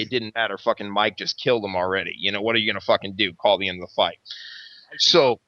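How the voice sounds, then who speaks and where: A man, a podcast host, telling a long story in casual chat, rambling and swearing constantly with lively energy. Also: lowish voice, fast, no room sound. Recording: dull lo-fi recording.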